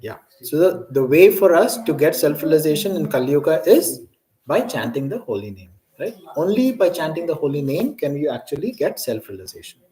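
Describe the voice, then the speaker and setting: A man's voice: a little high, sing-song, brisk, dark tone, rough recording. A man teaching a scripture class, asking students questions and often checking in with "right?".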